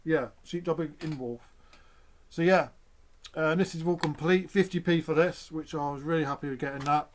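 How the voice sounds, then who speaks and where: A young man talks straight to his viewers in a loose, rambling way, cursing freely as he vents. His voice sits a touch higher than most men's. The delivery is casual chat, unscripted and meandering. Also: normal speed, slight background noise. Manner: rambling, swears often, frustrated. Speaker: vlogger.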